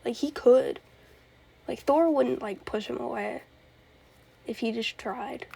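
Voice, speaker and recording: A young woman talks through her favorite film moments in a loose, chatty way, laughing often and restarting her thoughts midway. Her voice sits fairly high and carries a husky edge with plenty of vocal fry. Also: slow, mellow. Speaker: host. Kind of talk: casual fan commentary.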